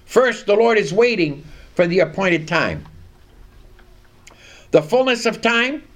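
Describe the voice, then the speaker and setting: Male preacher, high and lively voice, slow deliberate sermon delivery with scripture reading. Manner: reads scripture aloud and has the congregation repeat lines; slow, deliberate emphasis on key words.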